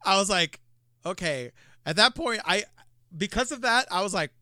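A man's voice: sits high, animated, fairly quick, bright, forceful tone, no echo, studio quality. A man co-hosting a film podcast, talking casually with many filler words. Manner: chatty, many "like" and "you know" fillers. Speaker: podcast co-host.

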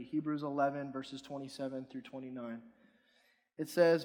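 A man from Pennsylvania preaching a sermon, animated and quizzing the congregation, swinging from soft to loud. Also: medium pitch, moderate pace. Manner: animated, rising and falling in loudness, asks the congregation questions. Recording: long hall reverb.

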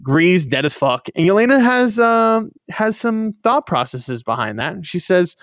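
A man co-hosting a casual podcast, recapping an episode in an animated, profane way and acting out characters' lines. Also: sits high, unhurried, few pauses, no room sound, studio quality. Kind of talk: casual chat.

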